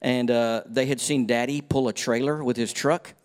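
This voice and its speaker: A man's voice: mid-range voice, steady tone, normal speed, smooth. A middle-aged man preaching, telling a personal story and calling for amens from the congregation.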